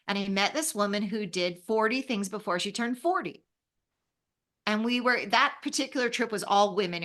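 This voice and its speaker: A woman in her fifties from Los Angeles, a travel writer telling stories in an interview, animated and acting out the voices she quotes. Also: medium pitch. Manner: animated, acts out quoted voices, laughs often. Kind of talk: casual storytelling in an interview.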